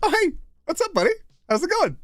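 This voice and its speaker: A man voicing an eager young man chatting on an old flip phone, rushed and upbeat. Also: extremely high pitch, wildly swooping pitch, fairly bright tone, dry recording, studio quality, pitched above the performer's own voice, exaggerated voice. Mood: chirpy.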